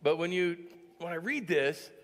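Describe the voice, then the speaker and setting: High-voiced joking pastor in echoing church. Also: male voice, expressive, moderate pace, fairly bright tone. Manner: joking, upbeat, keeps asking the crowd "all right?". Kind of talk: sermon. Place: church sanctuary.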